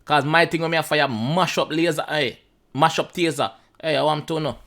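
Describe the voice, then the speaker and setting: Jamaican dude, slightly high voice, chatty, says stuff twice, patois mixed in. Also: male voice, fairly even intonation, normal speed, a bit bright. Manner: chatty, repeats himself, mixes in patois. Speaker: reaction channel host. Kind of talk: casual song breakdown.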